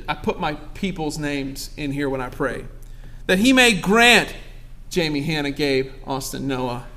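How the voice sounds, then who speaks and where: A man's voice: fairly high pitch, pushed and bright. A young pastor preaching a sermon to his congregation, calling out asides and asking for amens. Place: church sanctuary.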